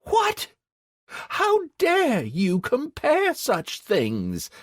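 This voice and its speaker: A woman's voice: on the high side, wildly swooping pitch, extremely slow, dry recording, studio quality, full character voice. A woman voicing a proud, stern priestess who speaks with indignant force in an audiobook. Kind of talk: audiobook character dialogue.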